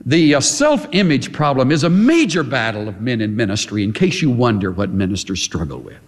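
Man preaching a fiery sermon, voice swoops up and down a lot, long echo like a big church. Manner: impassioned, swings from low and quiet to high and emphatic; staccato, repeated emphatic phrases. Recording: long hall reverb.

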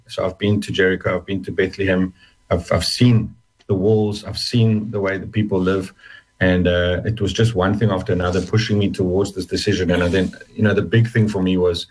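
A man telling his personal story as an interview guest, halting and reflective with many restarts, close to tears. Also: deep voice, little pitch movement, darkish tone, husky, rough recording.

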